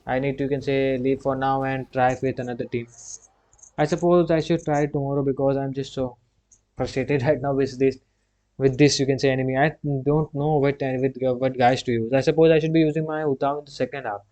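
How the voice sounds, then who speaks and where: Speaking fairly quickly with little pitch movement, this young man commentates his gameplay for his gaming channel in a mid-range, slightly mellow voice. He repeats commands under his breath, grumbles irritably at the game, and keeps dropping the filler "you can say." It's a dull, lo-fi recording.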